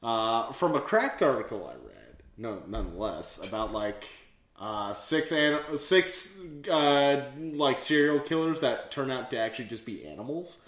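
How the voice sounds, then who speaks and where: A man's voice: medium pitch, very animated, unhurried, a bit bright, roomy sound. A man co-hosting a podcast, recapping a show in casual chat, rambling with lots of fillers and swearing. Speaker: podcast co-host.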